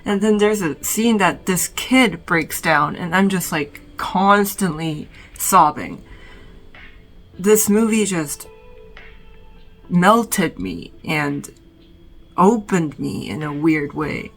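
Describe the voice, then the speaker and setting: A woman vlogging from her bedroom, talking about films in a reflective, halting way full of "like". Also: fairly low pitch, lively intonation, soft background music, rough recording. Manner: reflective, halting, heavy use of "like". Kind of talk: casual film recommendations.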